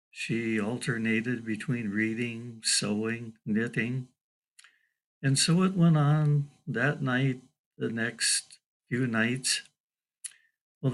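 An older man, a local historian, slowly and deliberately telling a historical story and quoting a survivor's account. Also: medium pitch, low-quality recording. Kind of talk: slow spoken storytelling.

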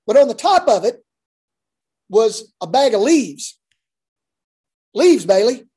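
Male basketball coach, warm mellow tone, folksy storyteller who rambles and restarts his sentences. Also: extremely high pitch, sing-song, takes it slowly, breathy edge. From Oklahoma. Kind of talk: casual interview storytelling.

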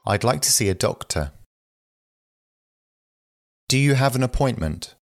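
Man, phrasebook reader, careful delivery, lively intonation, dry studio sound. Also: mid-range voice, gravelly, dry recording, faint music behind. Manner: slow, careful, evenly paced phrase delivery. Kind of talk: reading phrases for learners.

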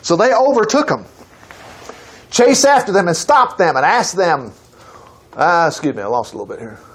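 A man's voice: high-pitched, expressive, moderate pace, a bit bright. A man reads a Bible passage aloud and teaches from it, breaking in with chuckling asides. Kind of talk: Bible study reading with commentary.

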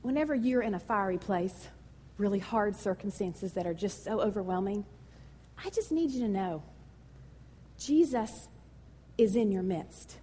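A woman pastor preaching a sermon in a lively, conversational and emotional way. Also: mid-range voice, measured pace, long pauses, long reverb tail, a little hiss or hum.

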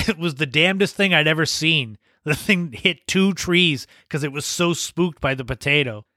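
A man's voice: a little high, moderate pace, pushed and bright, no room sound, clean studio sound. Man telling stories with a laugh. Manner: laughs while telling anecdotes. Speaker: podcast host. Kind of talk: casual storytelling monologue.

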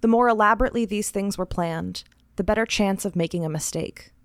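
A woman host narrating a short story in a measured, deliberate reading style. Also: mid-range voice, dry recording, clean studio sound.

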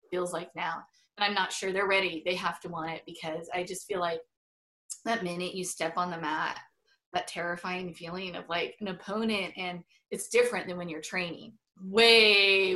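A woman's voice: on the low side, fairly bright tone. A middle-aged woman chatting as an interview guest, full of fillers and frequent laughs. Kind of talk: casual interview chat.

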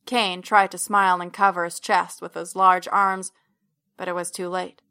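A woman reads a first-person story aloud in a measured, steady way. Her voice is bright, and her pitch stays level with little movement. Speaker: audiobook narrator. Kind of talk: first-person fiction narration.

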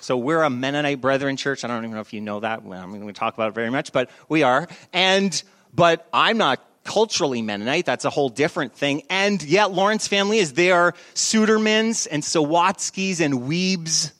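A male pastor giving a sermon, telling a story in a lively, animated way with shifts in volume and pace. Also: on the high side, brisk, hardly any pauses.

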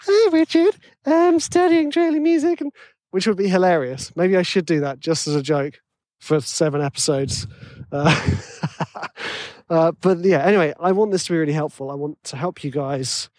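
A man's voice: fairly high pitch, normal speed, a little mellow, dry recording. A man with a tenor voice hosting a podcast, rambling and self-deprecating in casual chat full of fillers. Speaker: podcast host.

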